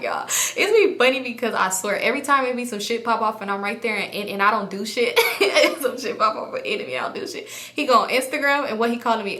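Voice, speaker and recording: A young woman tells a story in a casual, lively way and slips into other people's voices as she quotes them, cursing freely. Her voice is bright and clear, and it echoes in the room around her. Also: on the high side. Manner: animated, acts out other people's lines; swears freely. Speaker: storytime vlogger.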